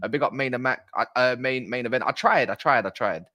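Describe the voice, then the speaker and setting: A man's voice: mid-range voice, fast talker. Chatty man hosting a football stream. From South East London. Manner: chatty, shouts out viewers, reads chat aloud. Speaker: football livestream host. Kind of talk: casual livestream chat.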